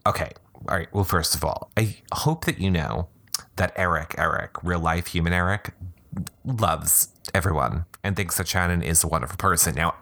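A man hosting a reality TV recap, reading cast blogs aloud with sarcastic, gossipy, excitable commentary. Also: low voice.

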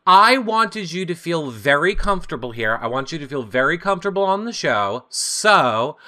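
A man hosting an online interview show, playful and excitable. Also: fairly high pitch, normal speed. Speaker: host.

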